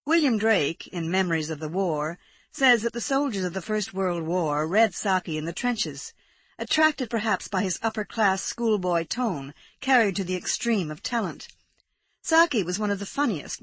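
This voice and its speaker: A woman reading a short story aloud as an audiobook narrator, in a measured way. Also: mid-range voice, expressive, a bit bright, dry recording. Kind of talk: scripted literary narration.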